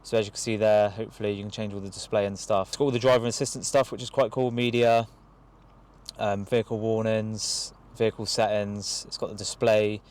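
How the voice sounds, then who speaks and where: Young guy gushing super fast about a car, sitting inside it, mate holding the cam. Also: on the low side. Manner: excitable, rushing, casual slang. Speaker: car vlogger. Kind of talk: excited car review vlog. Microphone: camera held by someone else.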